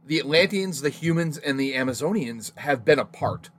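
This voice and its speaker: A man's voice: fairly high pitch, lively intonation, moderate pace. A man co-hosting a casual podcast, talking films in an opinionated, profane way. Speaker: podcast co-host. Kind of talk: casual film discussion.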